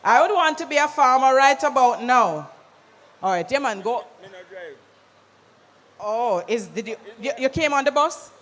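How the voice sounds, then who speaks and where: An MC with a Jamaican accent hosting a live event, calling out loud directions to a crowd and slipping into patois. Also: sits high, expressive, measured pace, pauses often. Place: large conference hall. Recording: hall reverb with music behind.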